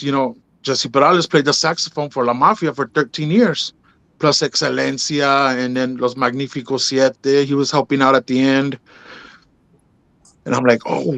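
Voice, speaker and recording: A man's voice: medium pitch, a bit bright, no echo. Laid-back man telling a story, dry sound. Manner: laid-back, drops in "bro" and "man", acts out quoted dialogue. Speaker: podcast host telling his story as a guest. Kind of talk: casual storytelling interview.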